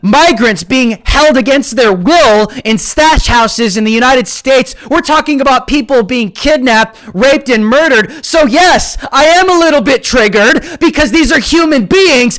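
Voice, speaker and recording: A man hosting his own live stream and delivering a fired-up political rant. His voice sits very high for a man, and he often shouts and jeers at the viewers he is addressing. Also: expressive, measured pace, hardly any pauses.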